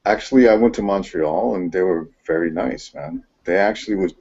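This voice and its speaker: A man's voice: sits low, brisk, a little mellow. A man in casual chat who talks hesitantly, with many ums and restarts. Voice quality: gravelly and husky. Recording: dull lo-fi recording.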